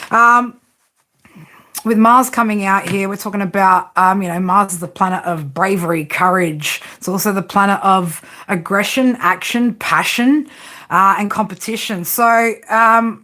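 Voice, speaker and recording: A woman's voice: mid-range voice, a bit bright. A woman giving a casual live tarot reading, chatting and joking with viewers and swearing freely. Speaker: tarot reader.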